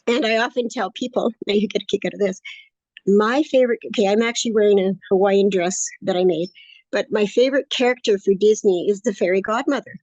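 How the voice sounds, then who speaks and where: A woman's voice: mid-range voice, brisk, a little mellow, dry recording. Older lady in her 60s chatting away, upbeat and rambly, dry muffled sound. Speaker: course student interviewee. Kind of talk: casual interview conversation.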